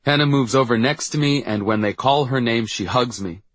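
A man's voice: mid-range voice, moderate pace, fairly bright tone, no echo. A man narrating a first-person audiobook in a wry, reflective storytelling manner.

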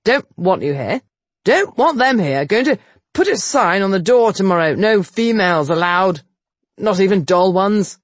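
A woman reading the part of a stubborn, feverish young nobleman, gruff and clipped, pitching her voice lower. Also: very animated, fairly quick, no echo, heavily acted. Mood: breathless. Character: stubborn feverish duke's heir, young man, angry.

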